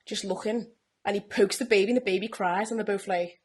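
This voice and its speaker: A young woman, co-hosting a casual podcast chat and retelling a TV plot with animated energy. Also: medium pitch, moderate pace. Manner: animated storyteller who acts out characters' lines. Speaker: podcast co-host.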